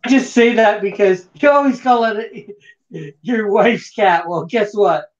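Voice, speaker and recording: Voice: medium pitch, measured pace. Easygoing Canadian stream host, dull sound. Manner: easygoing, reads viewer comments aloud. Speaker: live-stream host reading chat. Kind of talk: casual chat on a live drawing stream.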